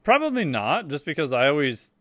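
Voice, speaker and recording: A man's voice: on the high side, sing-song, brisk, a bit bright, dry recording, clean studio sound. A man, a podcast guest, telling loose, profane stories in a casual interview.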